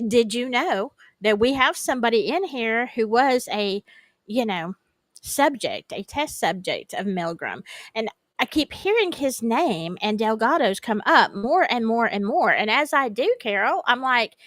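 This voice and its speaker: A woman's voice: a little high, a bit bright, no echo. A woman with a Southern accent hosting a casual true-crime livestream, rambling and greeting her viewers by name.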